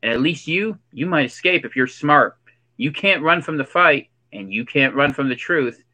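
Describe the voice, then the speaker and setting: A man's voice: fairly high pitch, lively intonation, moderate pace, sharp tone, pitched above the performer's own voice, rough recording. A man doing a preachy conspiracy theorist. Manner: ominous, preachy rhetorical questions. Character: preachy male conspiracy theorist in hoodie and sunglasses. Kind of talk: comedic character monologue.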